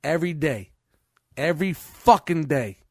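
A man's voice: on the high side, expressive, unhurried, breathy edge, no room sound. A man with a slightly raised voice rants about his workday in loose, swear-filled chat. His voice is picked up close and dry, with no room sound. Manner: venting, heavy swearing. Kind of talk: casual profane chat.

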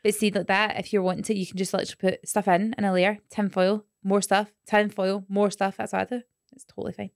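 A woman's voice: mid-range voice, level tone, fast, no room sound, clean studio sound. A Scottish woman co-hosting a podcast, chatting casually and mimicking her friends. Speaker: podcast co-host. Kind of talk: casual chat.

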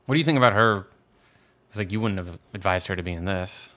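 A man from the Philadelphia area co-hosts a podcast, chatting casually about a film and rambling with frequent restarts. His deep voice is pushed and bright, and he talks at a quick pace.

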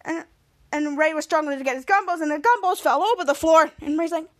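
Her high, fairly bright voice moves a little fast as she recaps an episode for her podcast. The woman goes scene by scene in a casual, rambling way, constantly saying "cut to" and "he's like."

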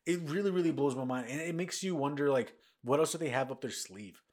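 This podcast host rambles through casual news chat, restarting and repeating himself while sounding tired and yawning. His voice sits a little high and moves fairly quickly.

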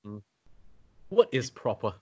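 A man's voice: mid-range voice, sing-song, unhurried, slightly rough, no echo. A man co-hosting a casual podcast, easygoing and laughing a lot as he plays along. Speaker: podcast co-host. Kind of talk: casual chat.

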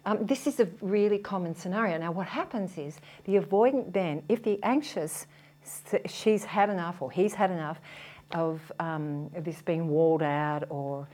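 A woman's voice: on the low side, moderate pace. A woman who works as a relationship therapist, talking casually to an audience and acting out what partners say to each other. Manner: animated, acts out quoted partners, laughs often.

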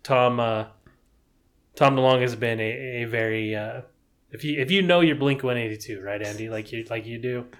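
A podcast co-host with a mid-range voice chats casually at a normal speed. He rambles and hesitates, with plenty of fillers and restarts.

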